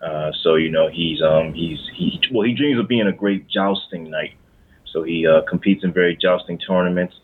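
A man with a very low voice chats loosely about films, padding his talk with ums and false starts. The sound is thin and phone-like, as if he calls in over a narrow line. He is from Michigan and talks like a regular host among friends. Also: normal speed, husky. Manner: rambling, many fillers and restarts. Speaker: podcast co-host. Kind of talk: casual chat.

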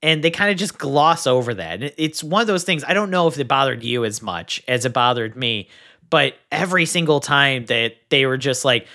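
A man discussing a film in a casual podcast chat, animated and quick to pile on his points. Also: mid-range voice. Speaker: film reviewer.

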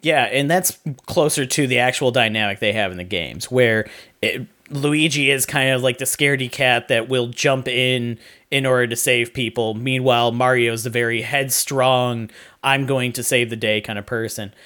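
A man co-hosting a podcast, giving a steady, explanatory movie review in casual chat. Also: medium pitch, moderate pace. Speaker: podcast co-host.

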